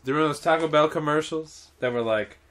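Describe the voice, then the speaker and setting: A man's voice: on the high side, fast talker, fairly bright tone. A man joking and rambling in casual chat over a video game, playfully exasperated.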